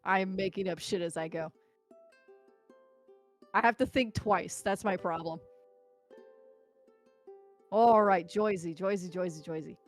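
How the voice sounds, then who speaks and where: A woman's voice: mid-range voice, slow pace, pauses often. Woman player voicing a mother, giggly, accent slipping, light music under. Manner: laughs often, drifts in and out of a put-on accent. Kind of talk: tabletop role-play in character.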